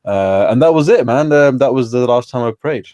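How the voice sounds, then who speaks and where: A man's voice: medium pitch, lively intonation, moderate pace, darkish tone, no echo. A man, a guest telling stories in a casual, slangy way full of fillers. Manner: chatty, informal, peppered with slang and fillers. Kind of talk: casual storytelling conversation.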